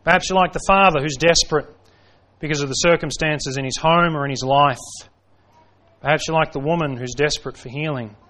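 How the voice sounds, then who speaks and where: A man's voice: a little high, fairly quick, a bit bright. A man preaching an evening sermon in a dramatic style, full of rhetorical questions, who acts out the voices he quotes. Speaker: pastor.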